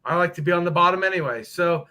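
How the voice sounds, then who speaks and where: A man with a high, very bright and piercing voice who chats casually on a live stream. He swears freely and tells joking stories with a lot of energy. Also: quick pace, rough recording. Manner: profane, joking storyteller. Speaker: guest on a motorcycle live stream.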